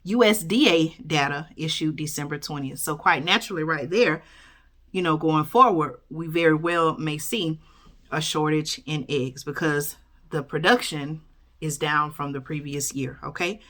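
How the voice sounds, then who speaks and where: With a deep, slightly bright voice at a moderate pace, a woman reads a news story aloud on YouTube and chats about it. She keeps adding "okay?" and "y'all," and when she slips up she corrects herself.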